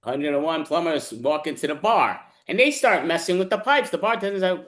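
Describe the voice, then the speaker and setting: A man's voice: on the high side, brisk, a bit bright. A man hosting an improv joke game over a video call, chatting loosely and correcting himself as he goes. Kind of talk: casual joke-round hosting.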